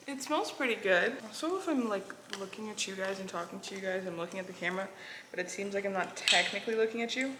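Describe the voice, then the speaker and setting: Talking fast at a medium pitch, a woman vlogger keeps up casual, self-deprecating chatter for her viewers as she cooks at home. The echoey kitchen, with its clattering dishes, makes for a noisy background.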